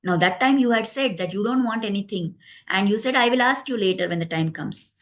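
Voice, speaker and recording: A woman's voice: medium pitch, a little fast, natural voice. A woman voicing a cunning old maidservant who persuades insistently. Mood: persuasive.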